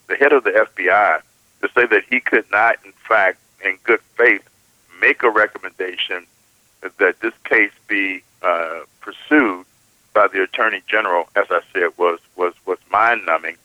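A man giving political commentary as a guest, halting and often repeating his words. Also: fairly low pitch, no echo, lo-fi sound.

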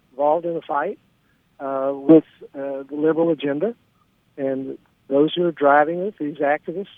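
A man's voice: fairly high pitch, no room sound. A man giving a firm radio interview as a guest, with frequent fillers. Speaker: guest politician. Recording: tinny phone line.

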